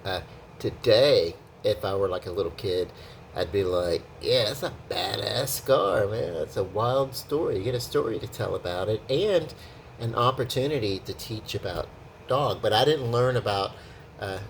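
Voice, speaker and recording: A man's voice: on the low side, slight background noise. A man vlogging about being a musician in casual chat, rambling and self-deprecating, with no separate microphone. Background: acoustic guitar playing.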